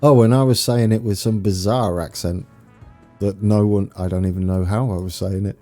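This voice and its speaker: This game streamer, a young English man from East Anglia, keeps up a relaxed live chat, poking fun at himself, laughing often, and reading out viewer names. His fairly low, warm voice has fairly even intonation and a moderate pace, set against soft background music.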